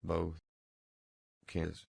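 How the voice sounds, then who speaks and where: A man reading an audiobook voices a domineering, savage brothel keeper who bullies and gloats in quick, clipped bursts. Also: low-pitched, monotone, vocal fry, a little mellow, husky, dry recording, full character voice.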